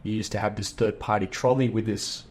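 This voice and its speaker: A middle-aged Australian man, a podcast guest, tells a long story in a casual, animated way, a little fast and with background noise. His voice sits fairly low, and he acts out quoted dialogue in the voices of the people involved.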